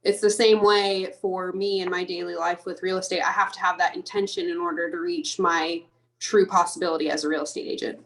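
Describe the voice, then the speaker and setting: A woman's voice: lowish voice, lively intonation, brisk, gravelly, fairly bright tone, low-quality recording. A young woman, a real estate agent, earnestly answering a coach's questions on a group call.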